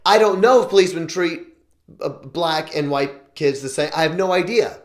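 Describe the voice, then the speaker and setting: Male show host, earnest and opinionated, voice on the higher side. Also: a little fast. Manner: earnest, opinionated, often restarting sentences. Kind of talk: opinion vlog monologue. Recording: roomy echo.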